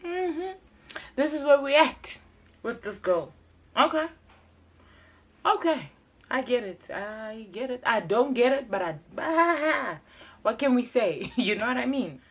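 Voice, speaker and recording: South african woman vlogging a show recap, bouncy animated pitch, chatty. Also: unhurried. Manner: chatty, expressive, mixes in local words. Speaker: TV review vlogger. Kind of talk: casual recap commentary.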